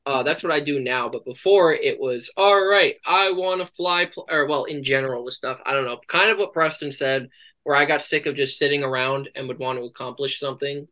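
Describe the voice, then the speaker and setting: Male host, bright and punchy, casual, swears a lot, meanders. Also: mid-range voice, fairly even intonation, fairly quick, poor audio. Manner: profane, joking, rambling. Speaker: podcast host. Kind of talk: casual chat.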